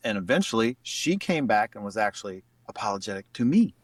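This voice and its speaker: A man recounts a personal story in a casual, rambling way. His pitch swings freely while he talks, and the audio sounds distant from the mic but dry. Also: brisk, dry recording. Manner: rambling, lively retelling with acted quotes. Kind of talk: casual storytelling in a played clip.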